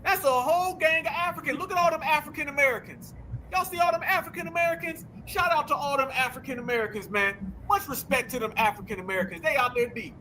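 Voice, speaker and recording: A man hosting a political commentary show, talking in an animated, sarcastic, slangy way. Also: very high-pitched, fast, slight background noise. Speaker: host.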